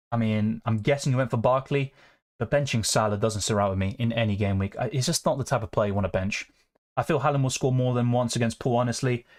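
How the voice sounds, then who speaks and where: Casual man streaming live. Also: medium pitch. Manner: casual, chatty, reads out viewer comments. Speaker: fantasy football streamer.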